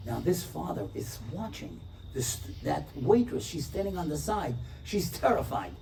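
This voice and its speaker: A rabbi delivering an inspirational talk spins a story, switching voices to act out each character with animated energy. His voice is mellow, slightly high for a man and creaky, moving at a moderate pace, and the distant mic picks up a faint room hum.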